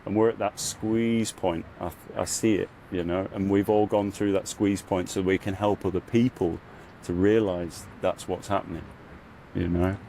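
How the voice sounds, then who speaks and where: A man with a fairly low voice speaks as a podcast guest, telling his own story in a casual, heartfelt way. He fills his sentences with "you know" and lifts into loud, high bursts when he relives the hard parts. A faint hum of noise sits behind him. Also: steady tone, normal speed. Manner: earnest, reflective storytelling with frequent "you know". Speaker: podcast guest, spiritual guide. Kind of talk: casual conversational interview.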